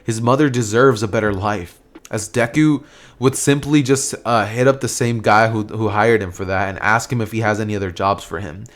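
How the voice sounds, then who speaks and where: A man's voice: on the low side, normal speed. A man casually narrating a fan story, rambling with lots of fillers and restarts.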